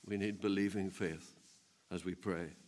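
A man preaching a sermon, swinging between loud emphatic peaks and low, quiet asides, with a chuckle now and then. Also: fairly even intonation, measured pace. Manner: laughs while telling stories.

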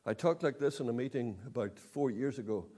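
A man's voice: mid-range voice, fairly quick, dark tone. A man preaching a sermon to an evening audience, emphatic, repeating key words and asking rhetorical questions. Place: meeting hall with audience.

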